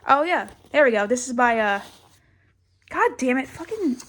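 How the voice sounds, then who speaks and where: A woman's voice: sits high, animated, moderate pace, a bit bright. A young woman giving a casual, rambling sketchbook tour, swearing a lot and mocking herself. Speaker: vlogger.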